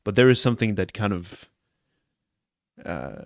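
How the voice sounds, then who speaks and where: A man's voice: on the low side, big pitch swings, measured pace, no echo, clean studio sound. A man chatting casually on a live stream, earnest and rambling, often checking in with "you know what I'm saying?". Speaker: streamer reacting to a clip.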